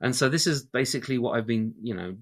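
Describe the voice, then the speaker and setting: Sex: man. Role: storyteller. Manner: animated, keeps asking "right?". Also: mid-range voice, fast talker. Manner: animated, peppers speech with "right?". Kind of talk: casual podcast interview.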